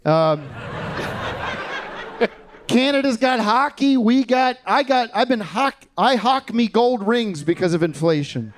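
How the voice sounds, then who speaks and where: Halting man doing a stand-up bit. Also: extremely high pitch, animated, a little hiss or hum. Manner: halting, stumbling joke delivery with restarts. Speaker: stand-up comedian guest.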